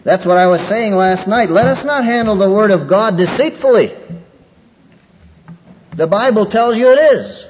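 A man preaching a sermon, lively and conversational, acting out people's excuses in a raised voice. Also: normal speed, long pauses. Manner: animated, acts out quoted excuses in a higher voice. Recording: muffled old hall recording with faint noise.

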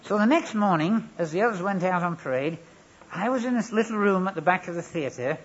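A preacher with a husky, breathy voice that sits fairly high for a man. He delivers his sermon with a wry, anecdotal humour, and the recording sounds dull and lo-fi. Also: animated, brisk. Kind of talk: sermon with storytelling.

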